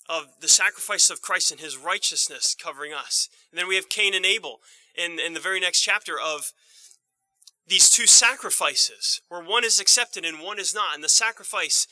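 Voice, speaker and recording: A man's voice: sits high, bright, forceful tone, dry recording, low-quality recording. A man preaching an evening sermon, earnest and emphatic, repeating key phrases and asking the congregation rhetorical questions.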